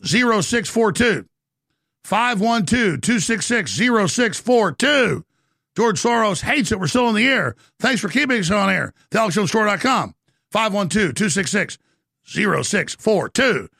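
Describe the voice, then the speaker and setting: A man hosting a live call-in talk show, ranting in a rapid, combative way. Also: high-pitched, lively intonation, gravelly, sharp tone, no echo, studio quality.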